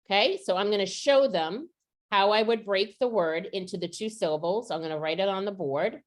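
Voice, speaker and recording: A woman's voice: medium pitch, normal speed. A middle-aged woman training teachers on vocabulary instruction, practical and asking the audience questions. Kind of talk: professional development workshop.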